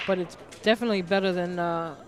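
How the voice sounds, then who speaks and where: A man's voice: high-pitched, fairly even intonation, fast. A man co-commenting on a pool match, easygoing and observant.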